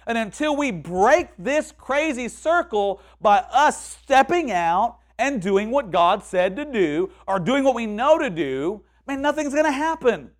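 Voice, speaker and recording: High-voiced man preaching a casual sermon. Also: unhurried, hardly any pauses. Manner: conversational, repeats words and restarts, quotes people in lively voices.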